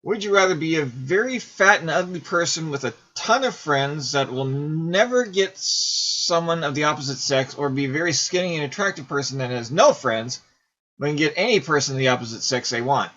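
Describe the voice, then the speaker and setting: A host in his forties gives casual commentary while playing a game, rambling through questions in a self-deprecating way. His expressive voice is on the high side with a sharp tone at a moderate pace, and the highs are cut off.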